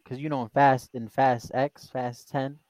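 A man's voice: mid-range voice, level tone, unhurried, a little mellow. Joking man co-hosting a podcast. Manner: joking, teasing questions. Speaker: podcast co-host. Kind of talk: casual podcast chat.

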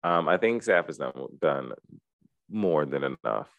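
A man co-hosting a casual podcast chat with a stuffy nose, talking in a profane, joking way with sudden high-pitched outbursts. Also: unhurried, dry recording, lo-fi sound. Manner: animated, profane, jokey, bursts into high-pitched exclamations. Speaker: podcast co-host. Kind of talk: casual chat recapping a TV series.

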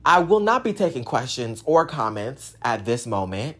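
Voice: medium pitch, very animated, normal speed. A vlogger in casual, sassy chat to camera, rambling and teasing the audience, with bits of singing. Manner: breaks into snatches of song.

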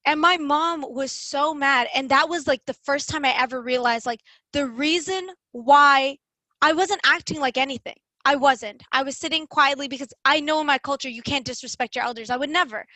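Brief: young woman, high bright voice, chatty casual storyteller, close dry sound. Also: normal speed, no echo, rough recording. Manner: animated, chatty, lots of "like" fillers.

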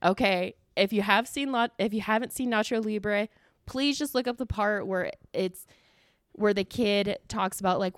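A woman's voice: medium pitch, moderate pace, no room sound, clean studio sound. A young American woman hosting a casual solo podcast, telling a story with lots of self-mocking laughter and casual swearing. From United States. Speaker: podcast host.

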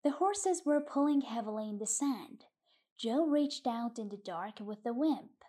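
A woman narrating a literary short story in a calm, measured audiobook reading. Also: a little high.

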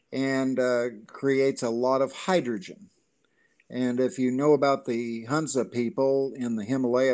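A man from Alabama with a Southern US accent, a podcast guest explaining his health claims in a halting way with many pauses. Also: medium pitch, a little mellow. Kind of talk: casual podcast chat.

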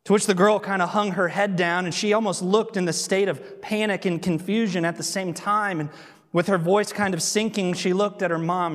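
A man preaching a sermon as pastor, telling stories with animated delivery and slowing down for emphasis. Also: sits high. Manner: animated storytelling, slows for emphasis. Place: church sanctuary. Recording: long hall reverb.

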